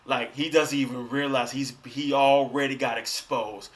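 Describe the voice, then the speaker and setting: A man's voice: medium pitch, level tone, normal speed, noisy background. A young adult man hosting a live reaction stream, talking back at the screen in casual slang. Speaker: livestream host.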